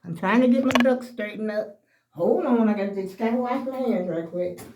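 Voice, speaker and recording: A woman's voice: medium pitch, normal speed, noisy background. An older woman, vlogging casually from home on her phone. She rambles as she talks and keeps speaking straight to her viewers as "y'all". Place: small room at home.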